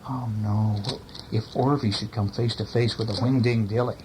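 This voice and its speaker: A man's voice: lowish voice, fairly even intonation, normal speed, very noisy. A man reading a bedtime story to a child, with casual, chatty asides to the listener.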